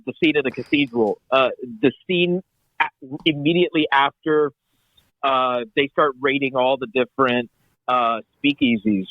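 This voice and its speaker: A man's voice: medium pitch, no echo, highs cut off. A man in a casual podcast chat, enthusiastically talking about favorite movie scenes. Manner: enthusiastic, laughs, quotes movie lines. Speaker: podcast co-host.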